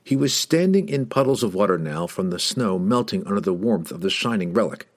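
A man with a fairly low voice reads a fantasy novel aloud. His pitch rises and falls widely, giving the battle scenes a dramatic, expressive lift. He sounds like a practiced audiobook storyteller. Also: fairly quick. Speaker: audiobook narrator. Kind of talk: scripted narration of a fantasy novel.

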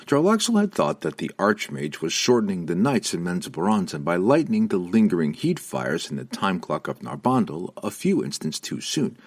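Deep-voiced, dramatic male narrator. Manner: dramatic, expressive reading. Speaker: audiobook narrator. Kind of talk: scripted fantasy audiobook narration.

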